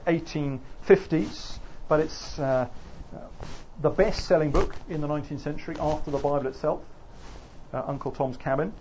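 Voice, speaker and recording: A male lecturer with an Oxford English accent talks through a classroom lesson. He hesitates often and fills his pauses. His voice sits a little higher than average, and the recording is slightly muffled. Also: darkish tone, slight background noise. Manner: hesitant, frequent fillers.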